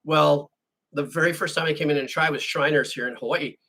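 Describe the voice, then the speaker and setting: With a slightly high, bright, forceful voice, a man hosting a music channel talks fairly quickly and in a steady tone. He's casually answering viewer questions and telling a rambling story he keeps restarting and correcting.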